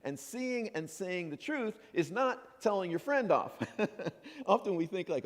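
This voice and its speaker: A man giving a sermon as minister, playful and animated, acting out imagined voices. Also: sits high, normal speed. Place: church sanctuary. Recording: long hall reverb.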